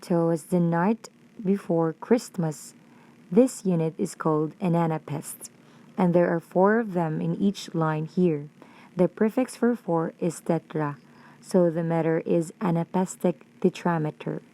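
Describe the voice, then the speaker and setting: A woman with a Filipino accent reads a prepared lesson at a slow, deliberate pace. Her voice sits a little low and mellow, recorded dry and close. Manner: slow, careful, deliberate reading. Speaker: student presenter.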